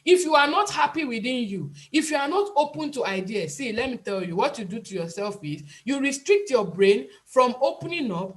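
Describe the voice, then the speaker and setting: Earnest Nigerian woman teaching online. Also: a little high. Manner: earnest, emphatic, repeats key points. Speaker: IELTS speaking teacher. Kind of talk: online class lecture.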